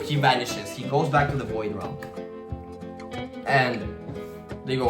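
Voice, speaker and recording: A man tells a story to camera in a loose, slangy ramble, swearing often and leaning on "like" as filler. His voice sits at an ordinary middle pitch. The room rings with echo, and guitar music plays clearly behind him. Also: brisk. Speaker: vlogger. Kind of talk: casual storytelling vlog.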